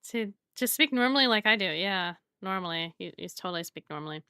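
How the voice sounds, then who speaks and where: A woman's voice: on the low side, expressive, brisk, bright, forceful tone, smooth, dry recording, studio quality. A woman from the Southern United States, chatting casually while she draws on a live stream. She rambles and often laughs. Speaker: art streamer.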